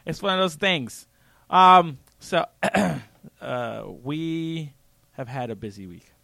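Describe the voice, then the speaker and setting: A man's voice: on the high side, slow, gravelly, bright, forceful tone, no echo. A man hosting a casual comedy radio show, loose and joking, often breaking into laughter.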